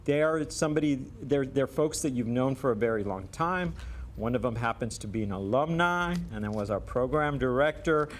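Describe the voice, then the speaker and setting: A man hosting a community event and giving a speech, halting and often correcting himself. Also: medium pitch, a little hiss or hum. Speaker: event host.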